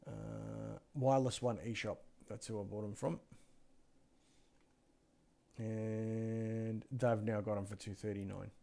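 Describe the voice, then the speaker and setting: A man's voice: fairly low pitch, little pitch movement, slow, vocal fry, pauses often, mellow. A man co-hosting a PC deals show, chatting loosely through anecdotes and muttering to himself as he browses. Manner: chatty, loose, trails off mid-sentence, mutters while browsing. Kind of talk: casual rambling chat with anecdotes. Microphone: gaming headset mic.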